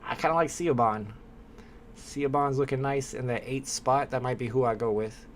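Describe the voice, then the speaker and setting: A man's voice: medium pitch, moderate pace. Male stream host, easygoing casual chat, faint noise behind. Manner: relaxed, chatty, talking to chat. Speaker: livestream host.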